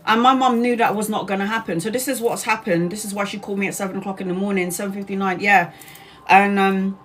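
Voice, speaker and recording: A woman in her forties, a tarot reader on a livestream, angrily retells a personal story to her viewers in a medium-pitched voice, talking fast over slight background noise. She's animated, swears, and acts out what other people said.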